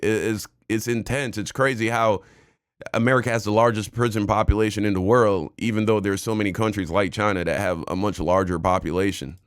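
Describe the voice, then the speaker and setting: A man's voice: lowish voice, fairly even intonation, fairly quick, clear, resonant tone, no echo. A man giving casual, slangy, opinionated reaction commentary and talking straight to his viewers. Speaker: reaction streamer.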